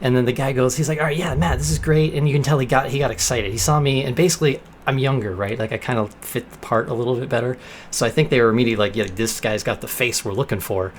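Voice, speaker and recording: A young man vlogging casually, telling an anecdote and acting out quoted lines with lively bursts. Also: mid-range voice, fast talker, slight background noise. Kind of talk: casual storytelling vlog.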